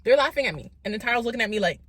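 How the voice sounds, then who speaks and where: A woman telling a story to her channel's viewers in a casual storytime vlog. She is animated, says "like" a lot and acts out what people said. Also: on the high side, very fast, dry recording. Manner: animated, lots of "like", acts out quotes.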